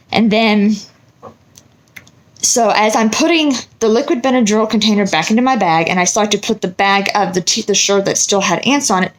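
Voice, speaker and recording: A middle-aged woman tells a personal story straight to the camera in a casual vlog. She is animated and exasperated, and she voices other people's lines as she retells what happened. Her voice sits at an ordinary pitch for a woman. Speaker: vlogger.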